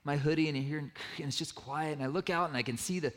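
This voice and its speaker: A man giving a sermon-style personal story to a room, lively and self-mocking, acting out the dialogue. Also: on the high side, quick pace. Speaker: speaker telling a personal story to an audience. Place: room with a live audience.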